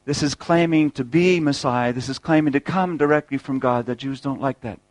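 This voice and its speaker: A man's voice: medium pitch, normal speed, no echo, poor audio. A man preaching a sermon, earnest and explanatory, posing rhetorical questions and often repeating words as he goes.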